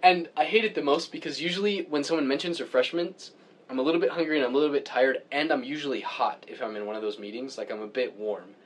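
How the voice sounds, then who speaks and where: A man in casual chat, opinionated and animated as he grumbles about things that bother him. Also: fast talker, slight background noise. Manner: animated, pitch jumps when worked up.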